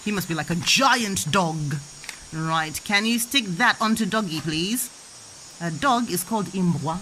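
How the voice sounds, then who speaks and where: A woman's voice: lowish voice, expressive, measured pace, sharp tone, slight background noise, poor audio. A woman teaching her small child with toys, asking coaxing sing-song questions and acting out animal sounds. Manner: playfully acts out animal sounds and toy play. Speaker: parent teaching a toddler. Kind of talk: playful home lesson with toys.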